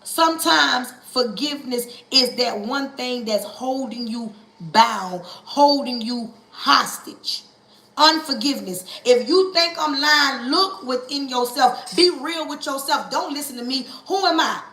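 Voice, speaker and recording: Bright-voiced woman preaching with emphatic repetition. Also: high voice, measured pace, reverberant, rough recording. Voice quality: emphatic, repetitive, coaxing call-and-response. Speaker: livestream preacher. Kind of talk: impassioned livestream sermon.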